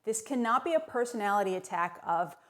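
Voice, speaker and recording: A woman delivering tongue-in-cheek advice in a brisk, sardonic, mock-serious monologue. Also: mid-range voice, animated, a bit bright. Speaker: comedic advice vlogger.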